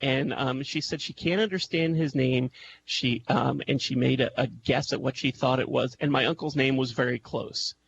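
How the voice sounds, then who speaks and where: A man's voice: medium pitch, fairly even intonation, moderate pace, gravelly. A man, a guest on a radio show, telling a personal story over an internet call, hesitant with many ums and restarts. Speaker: guest, music intuitive. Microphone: Skype call. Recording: dull lo-fi call line with faint noise.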